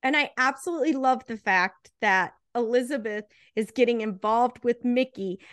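Curious female co-host with a fairly high voice, drinking as she talks, dry close sound. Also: moderate pace, no echo. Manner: inquisitive, poses theories and questions. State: drinking while talking. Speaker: podcast co-host. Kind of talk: casual movie review chat.

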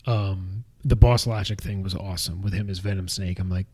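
A man's voice: low voice, fairly even intonation, fairly quick, few pauses, darkish tone, husky. A man co-hosting a casual gaming podcast, joking and rambling as he talks. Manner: jokey, rambling, laughs at himself. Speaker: podcast co-host.

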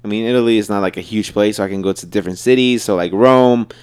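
A man's voice: lowish voice, quick pace, a little mellow, smooth. A man chatting casually as a podcast co-host, rambling with lots of filler words. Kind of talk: casual chat.

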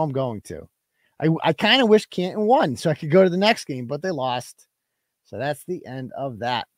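A man's voice: a little high, no echo, clean studio sound. A man hosting a live web show, ranting in a brash, profane and combative way and reading out viewer donations. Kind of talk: casual livestream rant.

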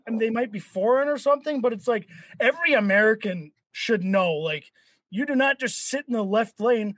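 A man's voice: very high voice, moderate pace, dry recording. A young man hosting a casual podcast chat, ranting with lots of swearing. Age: young adult. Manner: profane, ranting. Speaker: podcast host.

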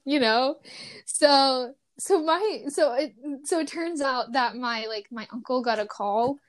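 A young woman hosting a podcast, telling a childhood story in casual chat, animated and full of fillers. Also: sits high, unhurried. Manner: animated, many fillers, laughs while telling. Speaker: podcast host.

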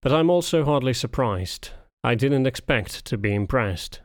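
A man's voice: medium pitch, animated, dry recording, studio quality, close to an everyday voice. A man voicing an aloof old male spaniel lord who speaks curtly and dismissively, in an audiobook reading. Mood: cold, dismissive. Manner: curt, dismissive, unhurried.

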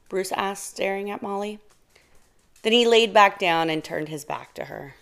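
Low-voiced woman reading a children's story. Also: normal speed, a bit bright, clean tone.

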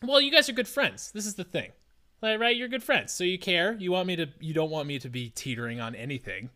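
Young man co-hosting a podcast, loud rants and self-mockery, bright tense tone, swinging pitch. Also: expressive, a little fast. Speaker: podcast co-host. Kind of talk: casual podcast chat.

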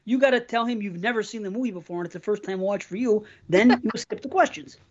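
A man's voice: high voice, fast. A middle-aged man co-hosting a podcast, telling rambling profane stories in casual chat. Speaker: podcast co-host. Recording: muffled lo-fi audio.

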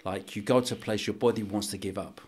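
A middle-aged man, a guest on a podcast interview, telling a personal story in an earnest, halting way with many restarts. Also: fairly low pitch, steady tone, a little mellow, husky. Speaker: archbishop and boxing coach, guest.

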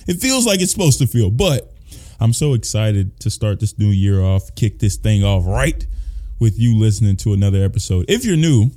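A man's voice: lowish voice, very animated, normal speed, mellow. A man hosting a podcast in casual chat, hyped and playful, talking with a lot of energy. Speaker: podcast host.

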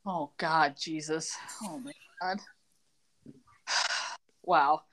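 A woman's voice: sits low, fairly even intonation, extremely slow, fairly bright tone. A woman co-hosting a podcast, teasing her partner in casual chat and laughing often. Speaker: podcast co-host.

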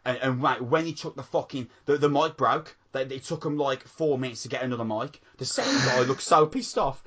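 A man co-hosting a podcast, chatting excitedly and swearing constantly. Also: mid-range voice, fairly quick, breathy edge. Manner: excitable, swears a lot, calls people mate. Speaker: podcast co-host. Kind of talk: casual chat.

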